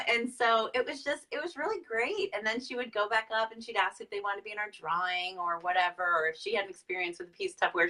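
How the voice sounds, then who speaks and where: Chatty bright-voiced woman, far from the mic. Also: mid-range voice. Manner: chatty, many fillers and restarts. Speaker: Tupperware director. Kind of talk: casual business advice talk.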